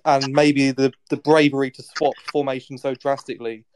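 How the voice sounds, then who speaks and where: A man co-hosting a football podcast, talking tactics in a thoughtful, hesitant way with pauses and fillers. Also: medium pitch, little pitch movement, a little mellow, a little hiss or hum, rough recording. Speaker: podcast co-host. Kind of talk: casual football chat.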